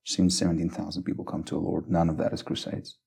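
Man, gravelly, husky, earnest storyteller, repeats words, asks "right?". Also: low voice, level tone, fast talker, darkish tone. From South Africa. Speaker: missions base leader, guest. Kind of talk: conversational storytelling interview.

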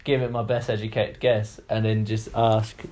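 A man's voice: fairly low pitch, little pitch movement, moderate pace, a little mellow. Joking man in loose podcast banter. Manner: joking, hesitant restarts, mocks with exaggerated asides. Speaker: podcast co-host.

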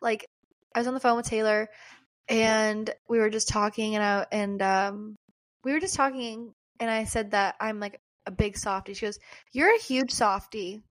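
A woman's voice: medium pitch, steady tone, normal speed. A young woman co-hosting a podcast, chatting casually with many "like"s and acted-out quotes. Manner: chatty, lots of "like", acts out quotes. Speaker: podcast co-host. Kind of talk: casual chat.

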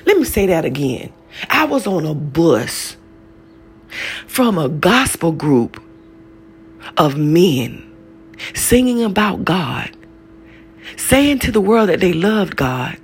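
Low gravelly woman testifying. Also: big pitch swings, takes it slowly, pauses often. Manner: preacherly, profane, builds to high shouted pitch when retelling. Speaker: speaker telling her life story. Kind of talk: impassioned testimony monologue.

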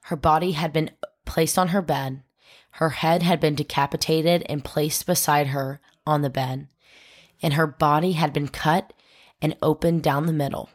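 A woman's voice: low voice, fairly even intonation, moderate pace. A woman podcast host telling a true crime story, dramatic and acting out the quoted voices.

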